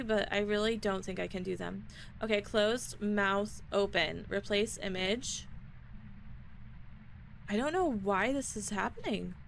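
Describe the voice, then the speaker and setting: A woman's voice: medium pitch, gravelly, fairly bright tone, slight background noise, rough recording. A woman streamer chatting casually to her live-stream audience, flustered and panicky. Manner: flustered, panicky, talks to chat. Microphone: desk microphone.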